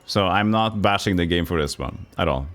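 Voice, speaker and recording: A Norwegian man streaming a puzzle game, thinking aloud in halting, self-correcting English. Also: low-pitched, a bit bright. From Norway. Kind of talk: live game commentary.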